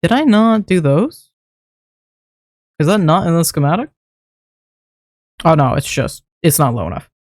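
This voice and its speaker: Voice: mid-range voice, very animated, unhurried, pauses often, dry recording. Chatty streamer muttering through a build. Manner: rambling self-talk, chuckling at own mistakes. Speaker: streamer building a game base. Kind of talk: casual gameplay commentary.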